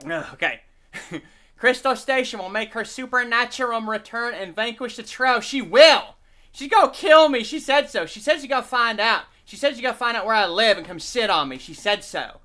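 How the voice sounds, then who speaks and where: A man's voice: extremely high pitch, fairly quick, pushed and bright. A man hosting a live stream, rambling and profane while he reads the chat and eats.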